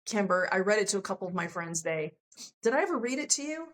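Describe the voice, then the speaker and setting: A woman's voice: mid-range voice, sing-song, fast, rough recording. A woman guest on a podcast, telling a personal story candidly and emotionally, acting out the lines of the people in it. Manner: earnest, emotional, acts out quoted dialogue.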